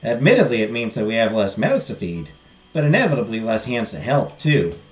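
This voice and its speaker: A man voicing a wistful young woman farmer who mourns her siblings, with a put-on Southern drawl, telling her story slowly and sadly. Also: medium pitch, sing-song, roomy sound, soft background music, voice pushed down, close to an everyday voice. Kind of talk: reading game dialogue aloud.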